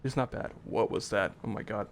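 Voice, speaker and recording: A man's voice: lowish voice, fairly quick, slight background noise. A man giving live commentary on an online tank game match in a casual, rambling way, often correcting himself and trailing off with fillers. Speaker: esports caster.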